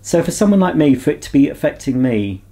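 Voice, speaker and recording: A man's voice: on the high side, very animated, quick pace, dark tone. A man vlogging in a casual, rambling chat to camera, talking candidly and reflecting on himself.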